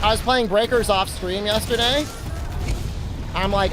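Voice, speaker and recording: A man with a high voice chats casually on a livestream, wandering through a self-deprecating story. He talks into a desk mic, and a clear layer of background noise runs underneath. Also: a little slow, pauses often. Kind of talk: casual stream chatter.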